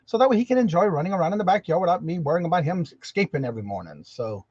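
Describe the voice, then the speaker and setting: A man's voice: on the high side, expressive, racing, darkish tone, breathy edge, no room sound. A man hosting a casual livestream, chatty and folksy, greeting viewers one by one. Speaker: livestream host. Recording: dull lo-fi sound.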